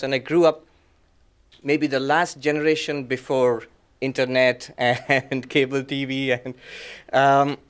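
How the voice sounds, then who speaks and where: A middle-aged monk, speaking as a guest, delivers a lecture that blends teaching with personal anecdotes. His mid-range voice has a clean tone, and he talks in short phrases with many pauses, gentle and reflective, softly chuckling at his own stories.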